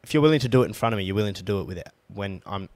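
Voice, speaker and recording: A man's voice: lowish voice, animated, racing, a little mellow, no room sound. A young man, co-hosting a casual podcast chat, blunt and emphatic, swearing freely. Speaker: podcast co-host.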